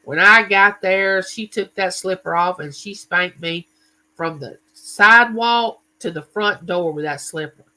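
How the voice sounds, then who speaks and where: Male livestream host, bright and forceful, loose chatty storyteller who greets his chat. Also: sits high, measured pace, rough recording. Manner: chatty, tells stories and greets viewers by name.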